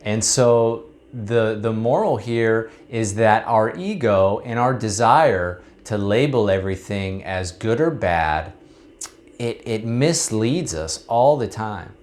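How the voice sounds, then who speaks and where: A man's voice: fairly low pitch, slow pace, darkish tone. A man, a recovery coach, talking casually to camera and telling a story in a conversational way.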